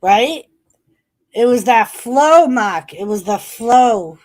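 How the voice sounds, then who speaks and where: A middle-aged woman with a high, bright-pitched voice hosts a casual live stream. She talks in an unhurried way, reads out viewers' messages, and breaks into frequent giggles. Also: expressive. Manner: laughs often while reading chat messages aloud. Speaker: streamer hosting a wrestling watch party.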